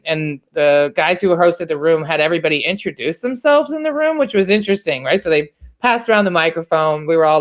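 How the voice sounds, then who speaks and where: A woman in her thirties from the Washington, D.C. area, a podcast host telling a personal story in a candid, chatty way, with plenty of fillers and casual swearing. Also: deep voice.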